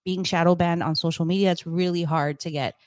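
A woman's voice: lowish voice, steady tone, a little fast, darkish tone, no echo. A woman co-hosting a podcast, talking casually and easygoing, often laughing. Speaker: podcast co-host. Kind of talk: casual chat.

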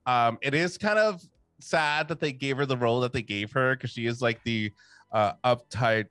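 A man co-hosting a casual movie podcast, emphatic and quick to laugh. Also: medium pitch, clear, resonant tone, no echo, soft background music. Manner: animated, emphatic, laughs often. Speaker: podcast co-host.

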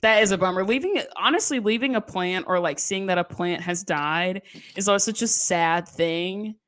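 A woman hosts a casual podcast chat, laughing often and saying "like" constantly. Her mid-range voice is a bit bright and moves at a moderate pace.

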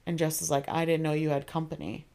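A young woman co-hosting a podcast, casually retelling TV scenes in quick quoted asides and laughing often. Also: sits low, flat delivery, vocal fry, mellow. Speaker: podcast co-host. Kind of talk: casual chat recapping a TV episode.

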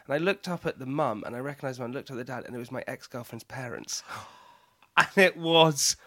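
A man's voice: mid-range voice, fairly quick, pushed and bright. A man talking as a guest in a casual chat, telling self-deprecating stories with easy laughter.

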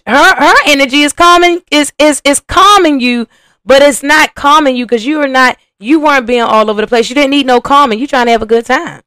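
Reacting to a reality show on her podcast, a young adult woman gives casual, animated and profane commentary, talking straight to viewers she calls y'all. Her voice is high-pitched and brisk, with no echo.

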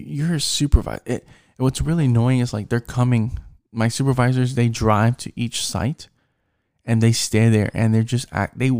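Man, young adult, gravelly voice, dry close sound, frustrated profane rant, rambling. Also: medium pitch, warm tone, dry recording. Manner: rambling, frustrated, swears often, restarts sentences. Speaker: vlogger venting about work.

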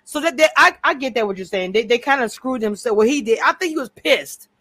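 A woman's voice: on the high side, animated, brisk, pushed and bright. A woman co-hosting a casual recap chat over a video call, talkative and prone to drifting off topic with many restarts. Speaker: co-host.

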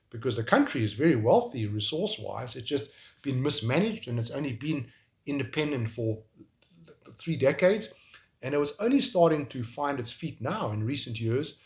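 A man with a South African accent, speaking as an interview guest in an emotional, halting way, with frequent restarts. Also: medium pitch. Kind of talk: remote interview conversation.

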